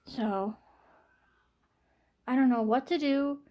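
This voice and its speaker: A young adult woman talking to camera in a personal vlog, halting and repetitive, with frequent sighs and restarts. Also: high-pitched, dark tone. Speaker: vlogger.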